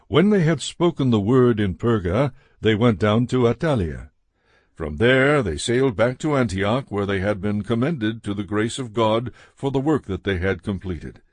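A man giving a measured, steady reading of a Bible passage as scripted narration. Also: on the low side, no echo, studio quality. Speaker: scripture reader.

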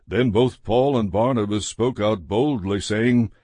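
A man giving a measured, steady reading of a Bible passage as scripted narration. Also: lowish voice, no echo, clean studio sound. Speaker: scripture reader.

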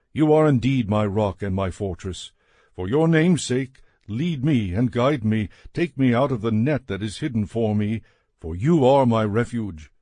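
A man reading scripture aloud in a measured, solemn way. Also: medium pitch, a little mellow, dry recording, studio quality. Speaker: scripture reader.

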